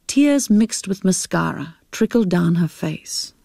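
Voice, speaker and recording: A woman reading a short story aloud as narrator, in a measured, steady way. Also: lowish voice, creaky, no room sound, clean studio sound.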